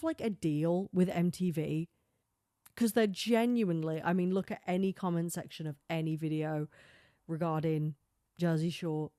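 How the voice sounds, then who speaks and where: A woman hosting a solo podcast, chatting in a rambling way, full of filler words and quick laughs. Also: lowish voice, dark tone, clean tone, no echo, clean studio sound. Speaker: podcast host. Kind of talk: casual solo podcast chat.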